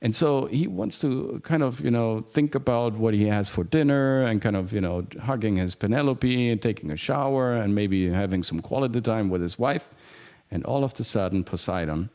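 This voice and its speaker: A man hosting a casual live stream, retelling a Greek myth in an animated, theatrical way with many "right?" asides and an Italian accent. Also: on the low side. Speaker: acting coach and show host.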